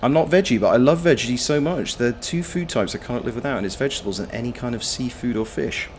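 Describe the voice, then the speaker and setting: A man and voice actor giving live-stream gameplay commentary, swearing freely as he yells at the game and chats with viewers. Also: mid-range voice, quick pace, a little hiss or hum. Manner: animated, swears freely, talks to the game and to chat.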